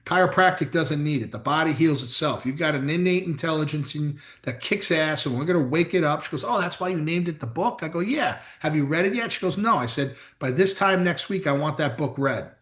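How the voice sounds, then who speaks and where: A middle-aged man with a fairly high voice tells blunt, emphatic stories and swears now and then. He sounds like he is chatting in an echoey room. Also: brisk, few pauses, a bit bright. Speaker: chiropractor, podcast co-host. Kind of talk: casual chat.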